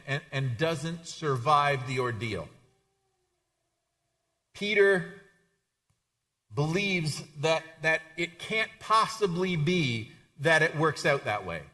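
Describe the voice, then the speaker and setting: Bright-voiced man preaching a sermon. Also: on the high side. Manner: conversational, frequent stammered repeats. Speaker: pastor.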